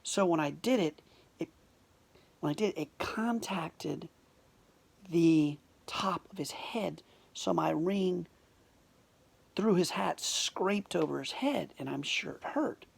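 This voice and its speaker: A woman telling a personal story in an emotional, confessional way, often dropping to a hushed near-whisper. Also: fairly low pitch, slow, vocal fry, pauses often, husky.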